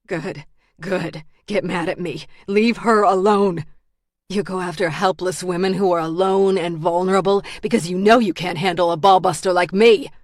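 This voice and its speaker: A woman voicing a desperate, defiant mother who shouts high and loud in raw fury. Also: moderate pace, hardly any pauses, no echo, studio quality, natural voice. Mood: furious defiance.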